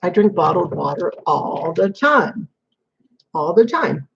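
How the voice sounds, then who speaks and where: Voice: mid-range voice, big pitch swings, slow pace, vocal fry, a bit bright, breathy edge. A person chatting casually to camera at home in an apartment, rambling and repeating phrases. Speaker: vlogger. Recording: dull lo-fi home recording.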